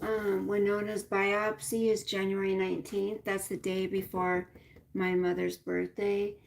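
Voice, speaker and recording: Woman on a livestream, rambly and fed up, lots of ums, swears a bit, mid pitch. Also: level tone, unhurried, creaky, a little hiss or hum. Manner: frustrated, swearing, rambling with many fillers. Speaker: livestream host. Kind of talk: casual livestream chat.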